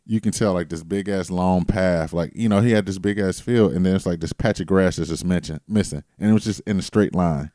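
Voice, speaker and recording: A low-voiced man with a dark, mellow tone, co-hosting a casual podcast. He tells his stories in a loose, animated way and swears freely. The sound is dry and close. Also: brisk, few pauses, no echo. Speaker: podcast co-host. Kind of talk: casual storytelling chat.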